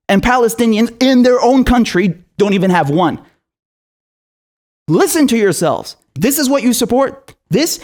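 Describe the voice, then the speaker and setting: Commentator, male, high voice, furious and sweary, sarcastic rant. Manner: furious, profane, sarcastic, repeats himself; mocking mimicry in asides. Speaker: political commentator. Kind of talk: angry political rant to camera.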